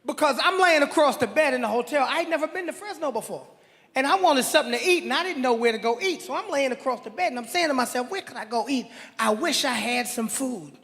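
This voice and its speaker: A man's voice: extremely high pitch, lively intonation, fast, a bit bright. A man, a guest on stage, telling a story in an easygoing, laughing manner. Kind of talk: live stand-up storytelling. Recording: live hall with crowd.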